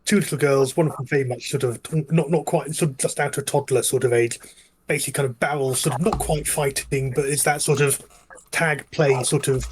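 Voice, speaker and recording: A man's voice: mid-range voice, a little mellow, a little hiss or hum, rough recording. A man narrating as game master of a tabletop game, describing scenes in a rambling way full of fillers.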